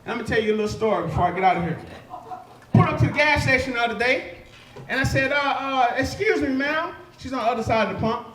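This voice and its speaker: A young man performing stand-up on a comedy club stage, telling profane stories loudly and shouting his punchlines. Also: very high voice, rapid-fire, noisy background. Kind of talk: live stand-up set. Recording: echoey live club room.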